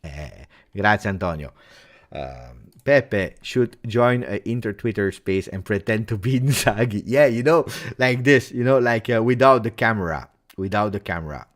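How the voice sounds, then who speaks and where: A man with an Italian accent hosting a live football reaction stream, talking casually and joking, with many "uh"s. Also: lowish voice. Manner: animated, joking, halting with "uh"s.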